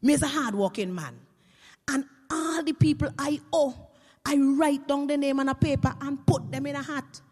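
A woman's voice: sits high, normal speed, a little mellow, natural voice. A woman with a Caribbean Creole accent voicing a blunt, boastful working man, heard with long hall reverb. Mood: defiant. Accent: Caribbean English Creole. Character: defiant hard-working grown man in debt.

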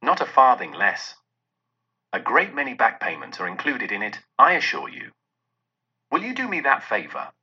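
A man voicing an excitable old miser who has turned generous, reading in a husky, lively way. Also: mid-range voice, normal speed, heavily acted. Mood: eager. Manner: eager, excited. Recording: dull lo-fi recording.

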